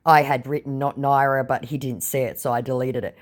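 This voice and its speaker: A woman's voice: rumbling low, fairly even intonation, brisk. A woman, mockingly narrating a story about baiting a scammer. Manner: dry, mocking sarcasm. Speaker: scam-baiting channel host.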